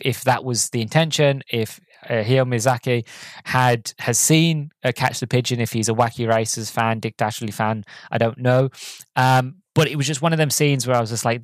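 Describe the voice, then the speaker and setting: A man's voice: mid-range voice, dry recording. A young man hosting a podcast, reviewing a film in casual, rambling talk with lots of restarts and fillers. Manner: acts out quoted characters in a raised voice. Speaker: podcast host reviewing films.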